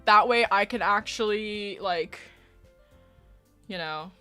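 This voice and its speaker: Bright-voiced woman streamer chatting. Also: medium pitch, takes it slowly. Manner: chatty, swears, jokes with chat, sudden shouted outbursts. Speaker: livestreamer. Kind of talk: casual game livestream chat. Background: faint background music.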